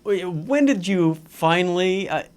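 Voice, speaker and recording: A man hosting an interview show, asking questions gently and encouragingly. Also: high voice, animated, measured pace, smooth. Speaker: host.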